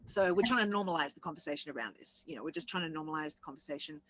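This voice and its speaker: A woman's voice: deep voice, racing, fairly bright tone, low-quality recording. A woman co-hosting a casual chat, rambling and laughing as she tells her story. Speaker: co-host.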